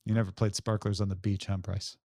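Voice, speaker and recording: A man hosting a relaxed talk about a TV series, thinking aloud and often restarting his sentences. His voice sits at an ordinary pitch. It is recorded dry and close, with no room sound. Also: fairly quick, dry recording. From United States. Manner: thoughtful, hesitant restarts. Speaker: podcast host. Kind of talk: casual discussion of a TV series.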